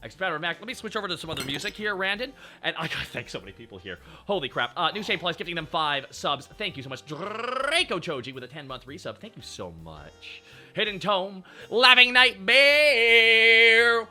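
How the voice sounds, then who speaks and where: Bright, high, animated male streamer. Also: moderate pace. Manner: excitable, rambling, thanks donors aloud. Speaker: streamer host. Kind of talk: casual live-stream chat. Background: faint background music.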